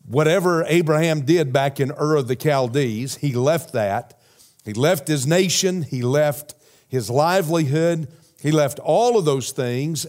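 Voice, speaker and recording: A man preaching a sermon as pastor, measured and emphatic, repeating phrases and asking the congregation rhetorical questions. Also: fairly high pitch, a little mellow.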